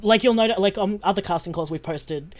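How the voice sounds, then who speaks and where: A woman's voice: medium pitch, a little fast, darkish tone. An Australian woman who produces and casts a show, chatting casually on a podcast, laughing often and swearing freely. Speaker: producer and casting director.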